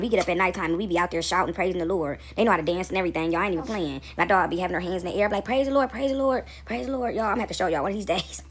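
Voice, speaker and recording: A woman preaching casually on a home video, animated and slangy, swearing freely and often laughing. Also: on the low side, a little hiss or hum. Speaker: spiritual video creator and mother. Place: home, seated with dogs nearby.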